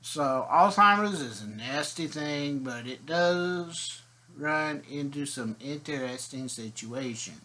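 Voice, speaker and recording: Slow, folksy man. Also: a little high, animated, sharp tone. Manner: folksy and rambling. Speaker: video host. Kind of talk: rambling comic storytelling.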